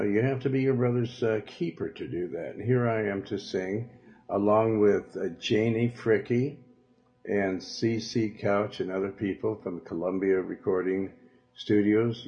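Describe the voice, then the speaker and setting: A man preaching as a pastor on a radio program, leading a prayer slowly and deliberately with drawn-out phrases. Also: lowish voice, a little mellow. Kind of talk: radio sermon and altar-call prayer. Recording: echoey, muffled old radio tape.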